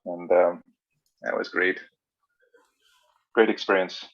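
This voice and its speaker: A low-pitched man from Canada hosts a relaxed online chat with friends. He talks in an easygoing, halting way, full of "uh" and restarts. The audio sounds dull and lo-fi. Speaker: livestream host. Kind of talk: casual group chat. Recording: muffled lo-fi audio.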